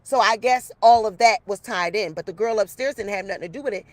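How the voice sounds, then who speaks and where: A woman's voice: mid-range voice, fast talker, no room sound. A woman telling a story to her viewers in a casual, chatty way, recorded outdoors. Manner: chatty, animated storyteller addressing viewers as y'all. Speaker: YouTuber. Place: outdoors in the rain.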